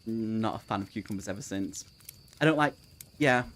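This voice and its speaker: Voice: medium pitch, normal speed, a bit bright. A young adult book streamer chatting casually on a live reading sprint, answering chat messages, laughing often and swearing freely.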